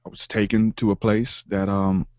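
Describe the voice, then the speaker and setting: A man telling a personal spiritual story in an interview, earnest and halting, with many fillers and restarts. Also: on the low side, level tone, a little mellow, dry recording, highs cut off. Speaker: podcast guest, rapper.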